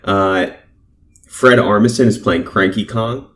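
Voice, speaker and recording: A man's voice: fairly low pitch, unhurried, reverberant. A man co-hosting a podcast, laid-back and agreeable, talking casually with many fillers. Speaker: podcast co-host. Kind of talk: casual chat. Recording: distant mic with faint noise.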